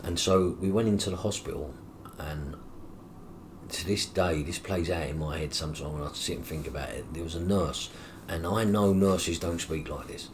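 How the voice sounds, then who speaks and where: A middle-aged man with a low voice, speaking at normal speed over a noisy background, tells his life story as an interview guest. He's animated, acting out the dialogue in his story with coarse, free swearing.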